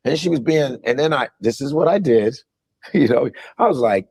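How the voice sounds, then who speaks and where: A man telling a story in casual talk, animated and swearing freely. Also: medium pitch, normal speed, breathy edge.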